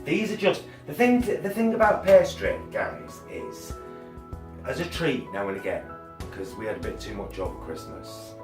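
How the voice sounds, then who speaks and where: Man, fairly low voice, chatty home cooking talk, lots of fillers, off-mic, echoey room, music playing. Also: big pitch swings, moderate pace, distant mic. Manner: rambling, chatty, many ums and uhs. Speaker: cooking channel co-host. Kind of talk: casual cooking demo chat.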